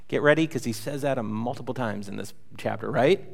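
A man's voice: mid-range voice, fairly quick, gravelly. A man preaching a sermon in a casual, conversational way, acting out voices in asides and asking the congregation questions. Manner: conversational, acts out paraphrased voices of the prophet with rhetorical asides. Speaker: pastor.

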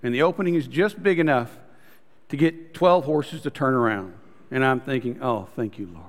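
A man's voice: medium pitch, animated, moderate pace. Man preaching a sermon in a hall. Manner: storytelling preacher, addresses crowd as guys, drops to soft intimate tones. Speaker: pastor.

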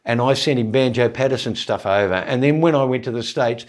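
An older man with an Australian accent telling jokey anecdotes in an interview, animated, with stammered restarts and quick voice impressions. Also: medium pitch. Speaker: comedian, guest.

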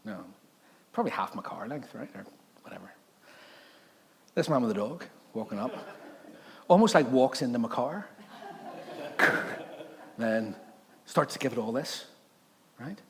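Animated pastor in a hall. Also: male voice, medium pitch, measured pace, creaky, long pauses. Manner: animated storytelling, laughing often. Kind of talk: sermon. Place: church. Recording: long hall reverb, faint background noise.

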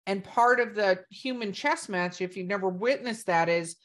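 A woman's voice: medium pitch, normal speed. A woman co-hosting a podcast in casual chat, talking in a chatty way full of "like". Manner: chatty, lots of "like". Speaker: podcast co-host.

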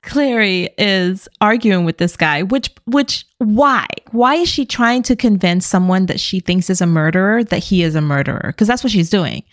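A woman's voice: mid-range voice, lively intonation, no echo, studio quality. A young woman co-hosting a podcast, recapping a movie in sarcastic, chatty talk. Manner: chatty, sarcastic, quick asides. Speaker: podcast co-host. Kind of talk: casual movie recap chat.

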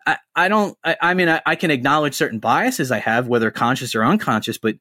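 A man's voice: medium pitch, lively intonation, fairly quick, bright, forceful tone, no room sound, clean studio sound. A man hosting a podcast in casual chat, rambling, swearing freely and breaking into impressions. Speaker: podcast host.

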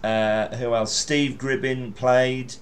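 A man's voice: mid-range voice, flat delivery, slow, a crowd in the background. Middle-aged man, podcast host, easygoing interviewer, lots of ums, encouraging tone. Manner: chatty, warm encouragement with frequent fillers. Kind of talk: casual interview.

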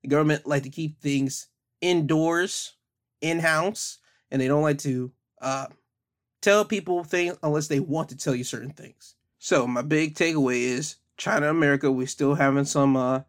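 A man's voice: fairly high pitch, moderate pace. A man giving casual commentary on the news, talking conversationally with frequent fillers.

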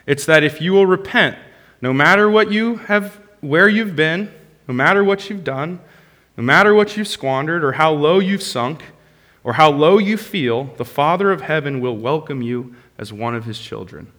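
Passionate preacher in a reverberant hall. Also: male voice, on the high side, expressive, moderate pace. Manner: passionate, swings from loud bursts to soft hushed lines. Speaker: pastor. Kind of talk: sermon.

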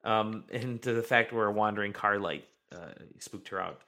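A man's voice: fairly low pitch, moderate pace, pushed and bright. A man hosting a podcast, chatting casually and reading out listener comments with plenty of fillers. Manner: rambling, reads listener comments aloud. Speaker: podcast host.

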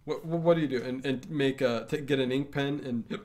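Male co-host, mid-pitched, hesitant, restarts his sentences, casual commentary. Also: fairly even intonation, a little mellow. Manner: halting, stumbling restarts, musing. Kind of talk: casual movie commentary chat.

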